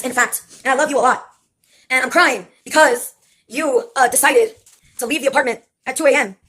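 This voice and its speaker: A woman's voice: sits high, a bit bright. A woman putting on a clingy, jealous friend who pleads and lectures in therapy terms.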